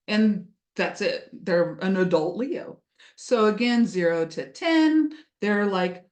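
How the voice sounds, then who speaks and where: Playful chatty woman teaching astrology, mid pitch, echoey room. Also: unhurried, darkish tone. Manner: chatty, playful, acts out little voices. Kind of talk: casual teaching talk. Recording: roomy echo.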